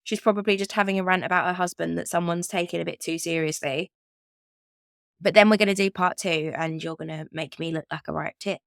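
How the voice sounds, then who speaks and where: A low, gravelly-voiced woman with an Essex accent, chatting and poking fun at herself as a podcast co-host. The recording is dry and close, with no room sound. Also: steady tone, brisk, dry recording. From England. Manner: chatty, self-mocking. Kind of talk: casual chat.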